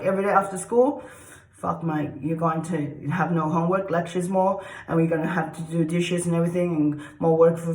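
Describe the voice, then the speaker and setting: Blunt woman lecturing in an echoey room. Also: lowish voice. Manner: repetitive, blunt, swears freely, keeps asking "okay?". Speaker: dog trainer vlogger. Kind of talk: lecture-style casual talk to camera.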